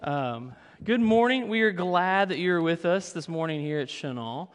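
A young pastor tells funny stories in a sermon, in a fairly high voice. He is preaching in a church sanctuary. The sound rings with a long hall reverb. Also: lively intonation, normal speed, smooth. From Kentucky. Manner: humorous storytelling.

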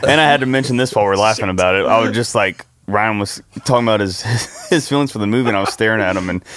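A man hosting a casual movie podcast, relaxed and teasing as he steers the talk. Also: fairly low pitch, fast, slight background noise. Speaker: podcast host. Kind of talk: casual chat.

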